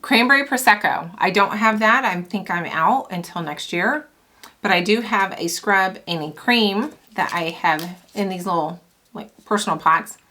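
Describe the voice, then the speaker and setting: Chatty middle-aged woman vlogger, bright forceful tone, enthusiastic and rambling. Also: medium pitch, normal speed. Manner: chatty and enthusiastic, with laughs and asides. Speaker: small business owner reviewing fragrance oils. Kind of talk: casual product vlog.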